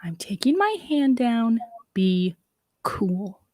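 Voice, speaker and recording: A woman's voice: on the high side, sing-song, takes it slowly, a little mellow. A woman voicing a sly, wordy female fox antihero in a stage play, with fussy, formal phrasing. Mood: hushed urgent.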